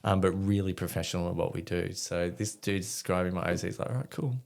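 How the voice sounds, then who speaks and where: A man's voice: low voice, little pitch movement, quick pace, creaky. An Australian man, a podcast guest, telling rambling, swear-filled stories in casual chat. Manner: swears freely, rambling anecdotes with quoted dialogue. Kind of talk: casual storytelling.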